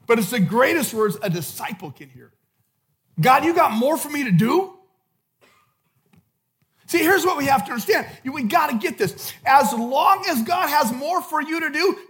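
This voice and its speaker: A male pastor with a very high-pitched voice, preaching with passion. He swings between loud shouted lines and quiet, intense stretches. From California. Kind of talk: sermon.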